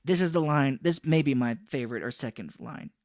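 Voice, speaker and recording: A man's voice: a little high, fairly quick, darkish tone, no room sound, clean studio sound. A man co-hosting a casual movie podcast, animatedly recounting scenes. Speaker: podcast co-host.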